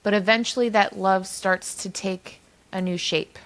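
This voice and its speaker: Woman host, mid-pitched voice, effusive, encouraging interview style. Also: steady tone, a little slow. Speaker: podcast host. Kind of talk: conversational interview.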